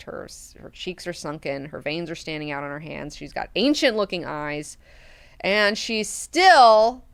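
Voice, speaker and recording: A woman's voice: low-pitched, smooth, dry recording, clean studio sound. Laid-back woman recapping a book. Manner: casual, profane, laughs often. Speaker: book club host. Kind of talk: casual book club recap.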